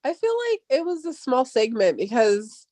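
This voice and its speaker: A young woman with a light Valley Girl lilt talks casually, sprinkling "like" and the odd swear word. She laughs often and leaps up in pitch when she mimics others. The recording is close and dry, with no room sound. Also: very animated, moderate pace, mellow, no echo. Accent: Californian Valley Girl. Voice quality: upspeak, peppered with "like", swears casually. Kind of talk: casual chat.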